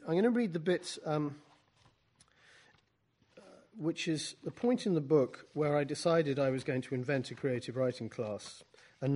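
A man's voice: medium pitch, a little mellow. A man from Britain, an author, gives an informal talk to writers, reading from his book and speaking hesitantly and wryly. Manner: hesitant, many fillers and restarts, wry.

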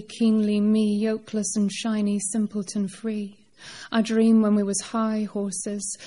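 A worn-out old unicorn working man speaks through this poem, as a woman reads him aloud. The delivery is measured and steady, with a flat, even pitch and a mellow, dark tone. It is a performed poetry reading, not a put-on character voice. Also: lightly acted. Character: old male unicorn, weary labourer, gruff.

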